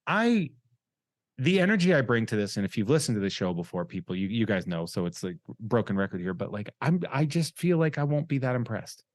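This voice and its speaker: A man's voice: on the low side, very animated, brisk, dry recording, clean studio sound. Rambling, jokey male podcast host. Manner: rambling, jokey, reads listener shout-outs. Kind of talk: casual chat.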